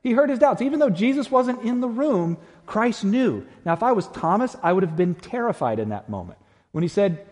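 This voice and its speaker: A man preaching an Easter sermon as pastor, emphatic, swinging between loud emphasis and hushed, intimate passages. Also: high voice, sing-song, normal speed. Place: church sanctuary. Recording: long church reverb.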